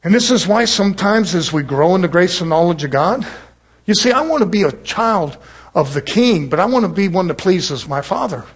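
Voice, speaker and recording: Male preacher, husky voice, high-pitched, folksy sermon with chuckles. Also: lively intonation, normal speed. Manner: folksy, conversational preaching with chuckles and acted-out quotes.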